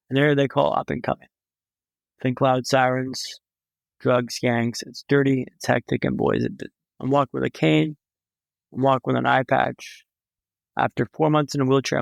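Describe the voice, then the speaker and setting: Young male podcast guest, dramatic storyteller, wry humor, fairly high and very gravelly voice. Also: no room sound. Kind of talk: storytelling in a conversation.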